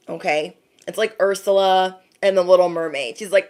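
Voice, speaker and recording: This tarot reader's voice sits on the low side, with a steady, darkish tone and moderate pace. Chatting to camera during a spiritual reading, she addresses the viewer as "bestie" and puts on exaggerated voices for those she quotes.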